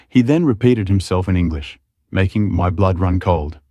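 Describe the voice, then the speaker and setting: A man narrating a dramatic romance audiobook, reading the prose and voicing the dialogue with strained, raised pitch. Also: lively intonation, moderate pace, dark tone, dry recording, studio quality.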